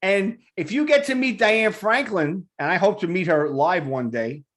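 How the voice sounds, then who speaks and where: Excitable talk-show host, high voice. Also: male voice, normal speed. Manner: excited, rambling, repeats words. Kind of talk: enthusiastic casual interview.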